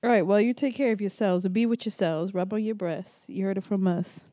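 A woman's voice: mid-range voice, fairly even intonation, brisk, warm tone, no echo. A woman co-hosting a podcast, playful, teasing and profane in casual chat. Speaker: podcast co-host.

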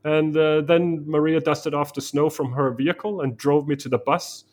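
A man's voice: a little high, steady tone, moderate pace. A man from Denmark, a guest in a conversation, telling a story vividly in the present tense.

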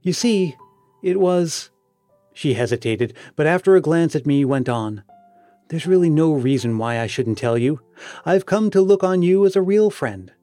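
A man voicing an earnest, sentimental elder sister while reading an audiobook, in a gentle manner. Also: fairly high pitch, expressive, normal speed, no echo, soft background music, lightly acted. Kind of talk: read-aloud dialogue in an audiobook.

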